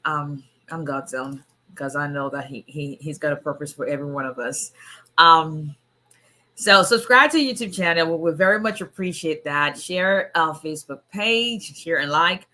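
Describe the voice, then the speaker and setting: Woman lawyer host, voice worn hoarse, lower pitch but bright and forceful, chatty and welcoming. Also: moderate pace. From immigrant to the US. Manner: chatty, greets viewers by name. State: hoarse, voice nearly gone. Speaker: immigration attorney. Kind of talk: casual livestream chat.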